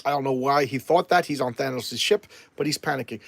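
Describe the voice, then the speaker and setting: A man's voice: medium pitch, fairly quick, gravelly, few pauses, a bit bright, no echo. Rambling, opinionated comic-book vlogger man. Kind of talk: casual comic review commentary.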